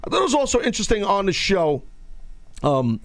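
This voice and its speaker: Animated, rambling male talk-show host. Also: high-pitched, a little fast, no echo. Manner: animated, rambling, stop-start delivery. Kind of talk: casual sports radio talk.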